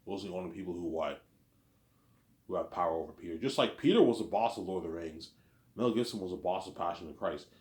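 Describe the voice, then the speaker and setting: Low-voiced rambling man, echoey room. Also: lively intonation, fast talker, a little mellow. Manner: rambling and repetitive, restarts phrases. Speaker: vlogger. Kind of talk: casual rambling monologue.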